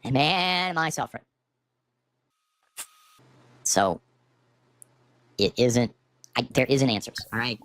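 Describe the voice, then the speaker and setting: Middle-aged guy on a home stream mic, swearing nonstop, bitter and hopeless, tense forceful voice. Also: mid-range voice, expressive, slow, long pauses. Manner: bitter, profane, despairing ranting. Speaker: livestreamer. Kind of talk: livestream rant. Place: at home, seated. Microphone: streaming microphone with auto gain.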